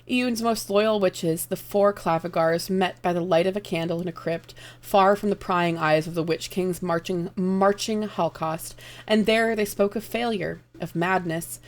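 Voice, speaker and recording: A woman streamer reading a dark fantasy story aloud live, narrating in an expressive, dramatic way. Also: medium pitch, normal speed.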